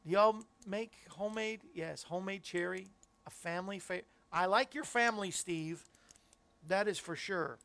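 A man's voice: sits high, normal speed, creaky, sharp tone, dry recording. A middle-aged man hosting a Christian talk show, chatting casually and rambling as he talks to viewers in the chat. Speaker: host.

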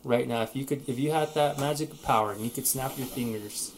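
A man's voice: medium pitch, brisk, a little hiss or hum. Rambling man, casual podcast co-host. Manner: rambling, frequent restarts and fillers. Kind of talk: casual chat.

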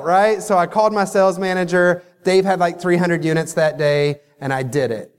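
A man delivers a motivational keynote as a company leader. He tells the story in an animated way and acts out the dialogue, in a voice a little higher than most men's. The sound carries a long hall echo. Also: moderate pace, few pauses, slight background noise. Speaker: company CEO giving a keynote. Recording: echoey hall reverb.

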